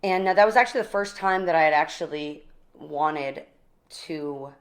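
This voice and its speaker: A woman in her forties, energetic and animated, telling her recovery story in a casual interview, often laughing. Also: low voice, normal speed. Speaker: guest.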